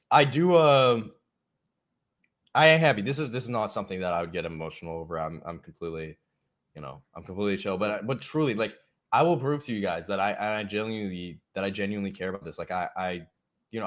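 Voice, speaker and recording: A man hosting a casual livestream chat. He talks bluntly and swears often, ranting straight at his viewers. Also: deep voice. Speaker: livestream host.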